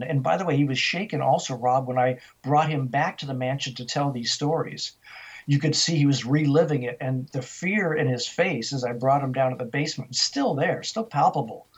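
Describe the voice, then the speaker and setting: An older man, the guest in an interview, telling a story in an animated way, often restarting and repeating words. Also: mid-range voice, normal speed, husky, lo-fi sound.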